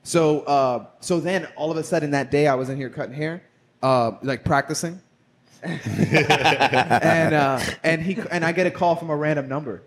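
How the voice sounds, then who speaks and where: A man telling a story in casual podcast chat, animated, swearing and acting out what people said. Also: on the high side, moderate pace. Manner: animated, swears, acts out quoted dialogue. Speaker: barbershop co-owner and podcast guest.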